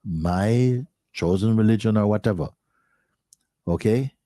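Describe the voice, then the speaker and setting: A middle-aged man, a spiritual teacher, speaking slowly to listeners, repeating and questioning, often dropping to a soft near-whisper. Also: fairly low pitch, dry recording, clean studio sound.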